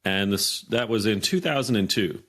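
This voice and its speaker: A man in his fifties, a podcast guest, telling a workplace story in a lively way and acting out the dialogue. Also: on the low side, moderate pace, husky. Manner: animated storyteller, acts out quoted dialogue. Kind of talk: storytelling in an interview.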